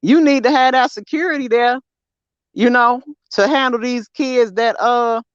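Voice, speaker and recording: A woman's voice: on the high side, measured pace, clean tone, no room sound. Blunt woman, dry dull sound. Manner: blunt, emphatic, storytelling with slang. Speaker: podcast co-host. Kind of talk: casual chat.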